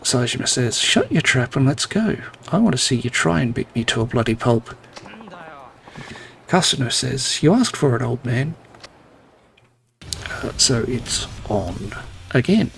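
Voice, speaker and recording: A man's voice: mid-range voice, very animated, unhurried, vocal fry, long pauses, fairly bright tone. A man playing a video game, reading the characters' lines aloud and adding dry, wry asides. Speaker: gameplay narrator.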